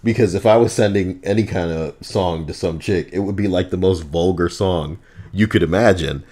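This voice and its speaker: A man's voice: deep voice, normal speed, darkish tone. A man with a stuffed-up nose, joking through casual comedic chat as co-host reading posts. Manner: jokey, stuffed-up nose, bursts into goofy put-on voices.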